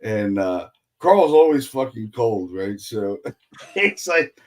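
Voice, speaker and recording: A man in casual podcast chat, a paranormal investigator telling profane, animated stories and acting out quotes. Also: fairly low pitch, slow pace.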